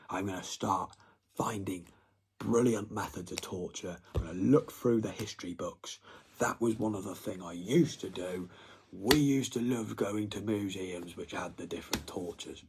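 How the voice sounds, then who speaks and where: A man delivering a threatening, profane rant, dropping to hushed whispers and then bursting out loudly. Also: low-pitched, slightly rough. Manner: swings from hushed whispers to loud outbursts, heavy swearing.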